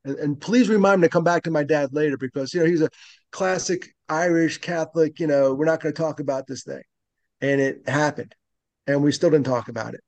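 Earnest gravelly man in his fifties. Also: fairly high pitch, brisk, darkish tone, no room sound. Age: 50s. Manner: earnest and reflective, speaks openly about loss. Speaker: podcast guest. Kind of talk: conversational interview.

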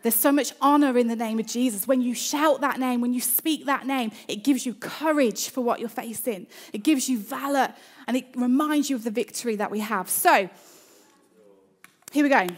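A woman's voice: a little high, normal speed. A woman preaching a sermon in church, emphatic, repeating her phrases and calling for an amen.

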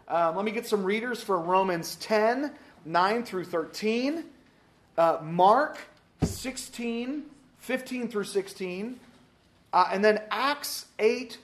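A man teaching a Sunday school class, upbeat and joking as he calls on readers. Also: high-pitched. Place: church classroom.

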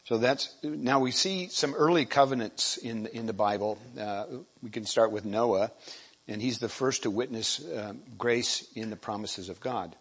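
A man delivers a sermon in a husky, somewhat low voice. He talks haltingly, restarting phrases and often clearing his throat. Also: rough recording. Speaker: lay preacher.

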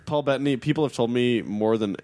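A man's voice: medium pitch, a little fast, dark tone. A man co-hosting a casual chat, blunt and grumbling, swearing often. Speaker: podcast co-host.

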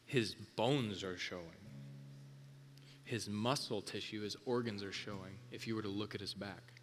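A male pastor delivering an intense sermon, driving home points with repetition and swinging from loud emphasis to a hush. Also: on the low side, moderate pace.

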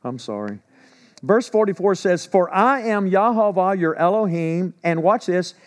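A man preaching a sermon in an animated way, with sarcastic humor and quiet asides when telling stories. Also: high-pitched, measured pace. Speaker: pastor.

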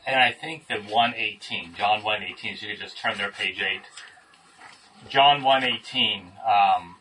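Male Bible study leader, low and sharp-edged voice, casual, faint room noise. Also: unhurried, distant mic, rough recording. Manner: conversational, thinks aloud, stresses key words. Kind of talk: casual group Bible teaching.

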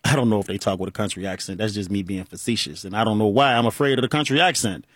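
A man's voice: fairly low pitch, quick pace, no echo, studio quality. A man, hosting a call-in talk show and joking and laughing as he talks. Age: 40s. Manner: animated, joking, laughs often. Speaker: radio show host.

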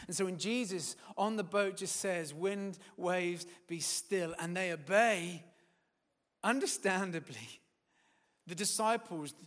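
A man delivers a sermon in a bright, forceful voice. He swells to loud, emphatic peaks, then sinks to quiet, firm words. A long hall reverb trails behind him. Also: high-pitched. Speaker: preacher.

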